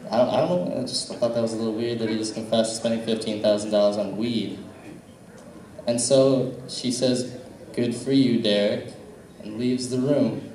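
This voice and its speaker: A man's voice: mid-range voice, a little mellow. Young man, Midwestern accent, stand-up comic, crude casual storytelling, echoey club, distant mic. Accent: Midwestern American. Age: young adult. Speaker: stand-up comedian. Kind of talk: stand-up comedy set. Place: comedy club.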